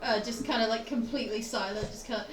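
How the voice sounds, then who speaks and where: A woman playing a tabletop game, chatting casually, giggly and excitable, stumbling over her words. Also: a little high, fast talker. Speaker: player. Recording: echoey room, distant mic, chatter.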